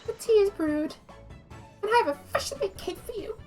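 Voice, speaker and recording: A woman's voice: extremely high pitch, animated, moderate pace, a little mellow, voice pushed up. A woman voicing a posh, cheerful young girl inventor in a game, with faint music behind. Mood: bubbly. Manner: super posh accent.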